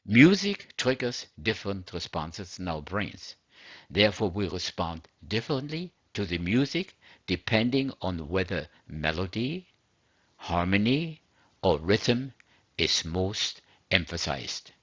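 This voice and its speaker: A man delivering a scripted sermon in a measured, earnest preaching manner. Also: on the low side, big pitch swings, a bit bright, no room sound, muffled recording. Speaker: religious teacher.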